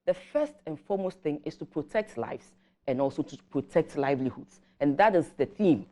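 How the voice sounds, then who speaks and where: Ghanaian woman, lowish voice, measured policy explainer on a morning show, switches Twi and English. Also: animated, mellow. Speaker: government guest commentator.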